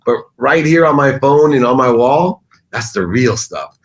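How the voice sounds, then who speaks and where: A middle-aged man, a guest on an interview show, telling his story in conversation with an emphatic, animated delivery. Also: mid-range voice, a little slow.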